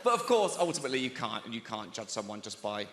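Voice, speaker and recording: Lively stand-up comedian in a hall. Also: male voice, on the low side, fast, very noisy. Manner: lively, self-deprecating storytelling. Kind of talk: stand-up set. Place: large theater stage. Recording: theater hall reverb with crowd laughter.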